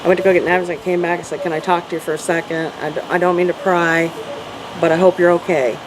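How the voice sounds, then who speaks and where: A woman's voice: lowish voice, level tone. Earnest middle-aged woman telling her story. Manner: earnest, emotional, halting with restarts. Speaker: interview guest. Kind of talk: emotional personal storytelling. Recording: noisy background hum.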